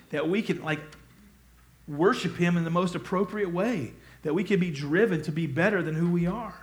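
A man preaching a sermon to his congregation in a conversational, emphatic way, with bursts of rising emphasis. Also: fairly high pitch. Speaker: pastor.

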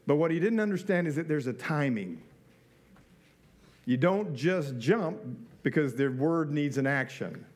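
A middle-aged male pastor delivers a sermon in a relaxed, conversational manner. His voice sits a bit high for a man. He throws rhetorical questions at the listeners and slips in dry, joking asides. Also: measured pace.

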